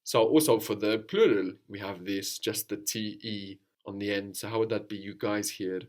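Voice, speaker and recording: A man's voice: lowish voice, normal speed. A man teaching a language lesson, patiently asking questions and often ending with "no?".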